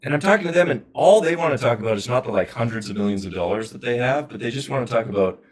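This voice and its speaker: A man in his thirties from Saskatchewan, a podcast guest chatting casually and telling animated, self-deprecating stories about his career. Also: medium pitch, rapid-fire. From Saskatchewan, Canada. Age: 30s. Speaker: podcast guest, wealth advisor. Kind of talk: casual conversation.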